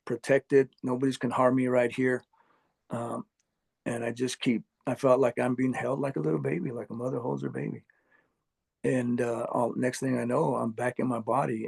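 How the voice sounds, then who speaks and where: Gravelly man telling a personal story. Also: mid-range voice, a little mellow. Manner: halting, earnest, many fillers and restarts. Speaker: near-death experience storyteller. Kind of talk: personal testimony interview.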